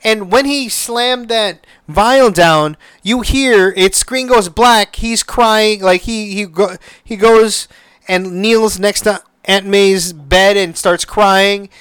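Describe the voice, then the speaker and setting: A man's voice: high-pitched, slow pace, a bit bright, smooth, no echo. A man hosting a podcast, chatting casually and emotionally, swearing and restarting his sentences often. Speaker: podcast host. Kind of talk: casual solo chat.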